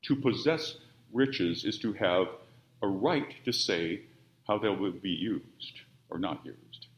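A low-voiced man delivers a sermon with lively, sweeping rises and falls in pitch and volume. He is heard in a roomy, echoing space, and the audio is dull and muffled. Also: takes it slowly. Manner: expressive, with wide swings of pitch and volume. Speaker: preacher.

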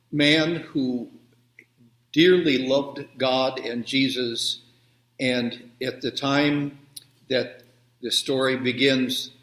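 Male pastor, gentle unhurried sermon storytelling, echoey video-call sound. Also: medium pitch. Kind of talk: children's sermon and prayer. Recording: roomy echo.

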